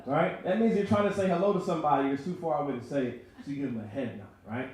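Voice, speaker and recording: A man's voice: a little high, fast talker, a little mellow. A man in his twenties performing a stand-up comedy set, talking conversationally and checking that the crowd is following along. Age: 20s. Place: record store performance space. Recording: very echoey room.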